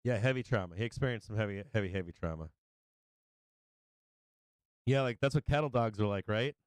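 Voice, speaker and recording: A man's voice: on the low side, animated, brisk, clear, resonant tone, no echo. Rambling, cussing male stream host. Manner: rambling, profane, laughs often. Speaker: livestream host. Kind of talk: casual livestream chat.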